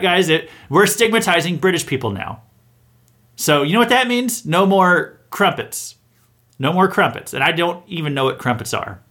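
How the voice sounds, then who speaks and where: A man's voice: on the high side, sharp tone. Sarcastic man ranting in mock outrage. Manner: mock-earnest, sarcastic rant with hesitant restarts. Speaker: satirical news host. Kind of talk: satirical news monologue.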